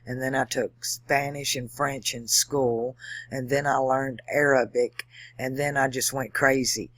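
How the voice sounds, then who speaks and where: Man, average pitch, dry close mic, digressive lecturing monologue that spells out letters. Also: little pitch movement, unhurried, a bit bright, no room sound. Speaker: video channel host. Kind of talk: rambling monologue on language and esoterics.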